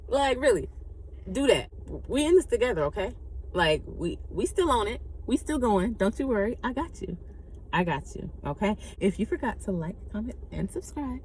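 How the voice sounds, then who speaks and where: A woman coaching on faith in a casual vlog, animated and laughing often, talking like a close friend. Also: fairly high pitch, a little hiss or hum. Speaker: faith and self-growth coach. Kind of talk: casual vlog talk to camera.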